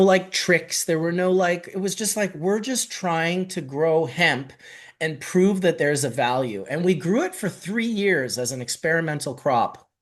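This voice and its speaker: Man, middle-aged, casual podcast chat, animated, profane, rambling, medium pitch. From Canada (Manitoba).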